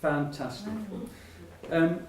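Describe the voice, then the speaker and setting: A man's voice: fairly high pitch, slow pace, darkish tone. An older man gives a rambling, anecdotal talk, full of restarts and laughter. His voice carries through a reverberant room, picked up from some distance off, with faint ambient noise behind. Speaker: patient speaker at a public talk. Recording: echoey hall, mic at a distance.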